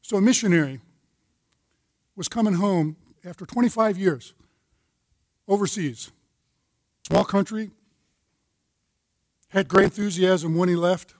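An older man with a high voice gives a sermon-style Bible lesson to a group of men. He tells a story in a folksy way and cites scripture as he goes. The sound is dry and close. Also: unhurried, pauses often, a little mellow, dry recording. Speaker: men's group teacher.

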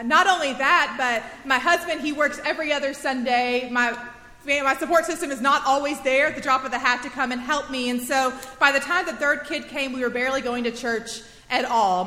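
A woman in her thirties telling a personal story as a sermon, in a chatty, animated storytelling way. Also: high-pitched. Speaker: preacher. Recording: echoey hall with long reverb.

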